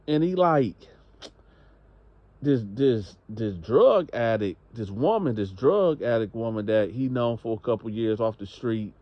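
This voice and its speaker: A man's voice: mid-range voice, no echo, highs cut off. A man narrating a story in a loose, slangy, conversational way.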